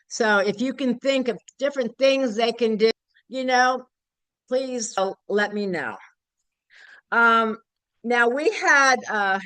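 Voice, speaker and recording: A woman's voice: a little high, fairly bright tone, no room sound, poor audio. Blunt, rambling older woman. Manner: candid, blunt and rambling with frequent fillers. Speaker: local activist group member. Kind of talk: speaking at a community group meeting.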